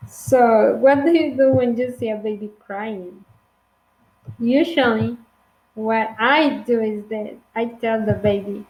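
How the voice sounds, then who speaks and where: A Honduran woman with a Honduran Spanish accent teaches an online English lesson, speaking slowly and clearly and acting out playful examples. Her voice sits on the high side, and the audio sounds dull.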